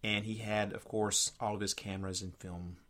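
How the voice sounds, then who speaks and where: A man's voice: fairly low pitch, little pitch movement, normal speed, fairly bright tone. A man co-hosting a radio podcast in casual chat, rambling a bit and reading quotes aloud from his notes. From United States. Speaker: podcast co-host.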